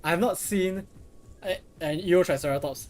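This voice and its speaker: A man's voice: high-pitched, normal speed, darkish tone. A young man streaming a game, chatting casually in a rambling, profane way with lots of restarts. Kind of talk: casual live gameplay commentary.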